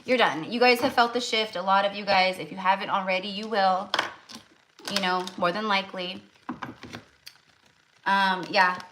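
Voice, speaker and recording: A woman's voice: medium pitch, fairly even intonation, moderate pace, pauses often, fairly bright tone, slight background noise, rough recording. A woman doing a casual tarot reading for her viewers, rambling with lots of "like" and restarts. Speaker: tarot reader.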